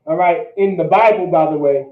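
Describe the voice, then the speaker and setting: A man with a high voice teaches a class, repeating each word and asking "all right?" as he goes. He sounds distant in an echoey room. The sound is thin and phone-like. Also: normal speed. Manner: repetitive, checks in with "all right?". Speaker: language teacher. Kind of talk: classroom language lesson.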